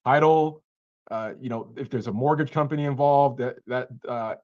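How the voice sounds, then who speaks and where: A man giving casual coaching feedback on cold calls over a video call, animated and acting out short lines of callers and sellers. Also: mid-range voice, moderate pace, dull audio.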